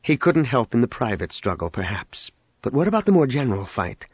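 A man narrating a science-fiction audiobook with a dramatic, expressive reading. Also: mid-range voice, brisk, no echo. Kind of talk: scripted narration. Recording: music clearly behind.

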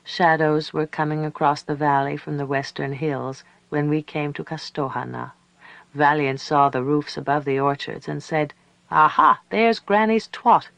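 A man narrating a story aloud in a calm, measured, reflective way. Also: on the high side, creaky, no echo. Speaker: audiobook narrator. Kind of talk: scripted narration.

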